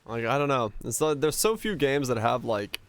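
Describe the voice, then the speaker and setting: A man's voice: mid-range voice, big pitch swings, normal speed. A man streaming live, rambling casually to his viewers with lots of filler words. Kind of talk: casual livestream chat with viewers.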